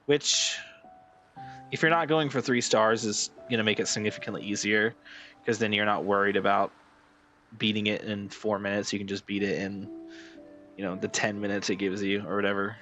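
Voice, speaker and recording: A male streamer with a lowish voice rambles to his chat in a casual way, full of fillers and restarts that climb higher when he gets excited. Faint game music plays softly behind him. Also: normal speed. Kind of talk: casual chat with live chat while gaming.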